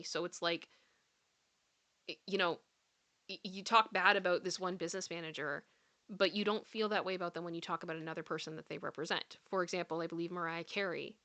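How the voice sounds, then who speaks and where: A woman's voice: on the low side, sharp tone. A woman hosting a live commentary chat, chatty and giggly, often repeating her phrases. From Canada. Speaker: commentary show host.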